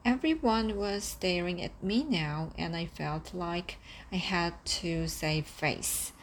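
A woman reading a first-person story aloud with calm, steady storytelling. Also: fairly low pitch, slow, few pauses, slight background noise. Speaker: audiobook narrator. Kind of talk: first-person audiobook narration.

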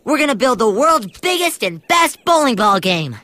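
A woman's voice: high-pitched, big pitch swings, moderate pace, pushed and bright, full character voice. A woman voicing an upbeat, inventive young cartoon boy who talks eagerly and confidently.

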